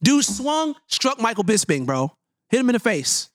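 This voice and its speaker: A man telling stories in casual chat, animated and slangy, with lots of restarts. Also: very high-pitched, normal speed, no room sound, clean studio sound. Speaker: podcast co-host.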